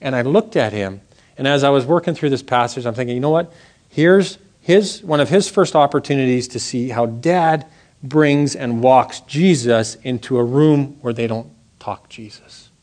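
A man in his forties giving a sermon testimony, telling an earnest story and dropping to hushed tones at serious moments. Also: mid-range voice, normal speed. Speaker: church speaker sharing a testimony.

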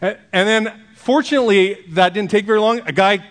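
A middle-aged pastor delivers a sermon in an easygoing, conversational style, teasing his congregation with light jokes before reading and explaining a scripture passage. His voice is notably high for a man, and he talks a little fast.

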